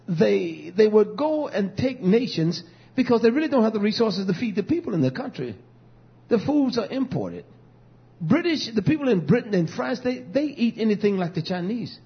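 A man preaching a fiery sermon, swinging from shouting to low murmuring, with repetitive, stumbling restarts. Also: slightly rough. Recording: dull lo-fi recording.

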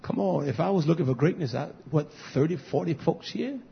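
A man preaching a sermon to his congregation, repeating phrases and building to loud, high emphatic peaks. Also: brisk, gravelly, a little hiss or hum. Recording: dull lo-fi recording.

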